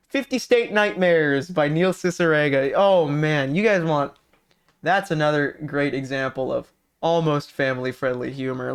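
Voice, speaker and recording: His voice is fairly high, clear, and resonant. A California man on stream, he reads his viewers' messages and chats casually, rambling in an animated, profane manner and often restarting sentences.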